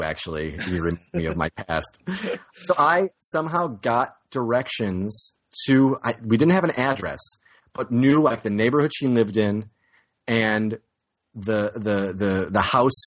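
A man's voice: fairly low pitch, animated, measured pace. A man telling a long, rambling story on a podcast, casual and self-mocking, laughing at himself often. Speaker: podcast co-host.

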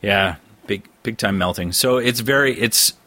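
A man's voice: on the low side, unhurried, bright, forceful tone, dry recording. A man co-hosting a casual podcast, talking in a playful, jokey, rambling way. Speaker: podcast co-host. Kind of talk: casual chat.

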